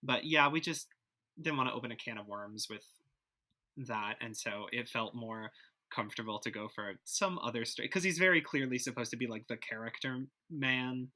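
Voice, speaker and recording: Bright-voiced man musing loosely. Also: medium pitch, normal speed. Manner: rambling, hedging with likes and ums. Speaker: podcast cast member. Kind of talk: casual discussion.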